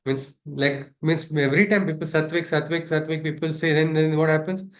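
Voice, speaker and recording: A man leads a spiritual class, his voice sitting somewhat high. He talks in a loose, discursive way and keeps checking in with rhetorical questions. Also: normal speed. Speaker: spiritual teacher. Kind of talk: teaching a scripture class.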